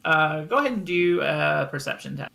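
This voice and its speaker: A man narrating a tabletop game as game master, describing the scene with many fillers and pauses. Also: a little high, lively intonation, vocal fry, bright, forceful tone.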